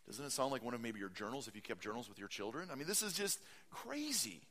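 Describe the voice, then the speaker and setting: A man preaching a sermon. He reads scripture aloud, stops to comment, and swings between loud bursts and hushed asides. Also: medium pitch, big pitch swings, fast, few pauses, big-room sound. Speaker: pastor.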